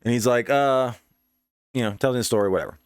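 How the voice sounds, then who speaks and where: A podcast host in his youth tells a meandering, swear-heavy story in a relaxed way, full of asides and fillers such as "you know what I mean." He speaks fast at a medium pitch with a clean tone, recorded close with no echo.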